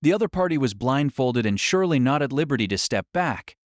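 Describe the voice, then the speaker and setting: A man narrating an audiobook in an expressive, dramatic storytelling manner. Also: mid-range voice, brisk, no echo, studio quality.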